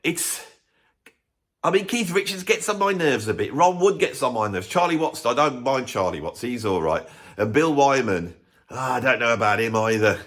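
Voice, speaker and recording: A man's voice: medium pitch, expressive, normal speed, a bit bright. A man hosting a music channel, ranting his blunt opinions in casual talk to camera with chuckling asides.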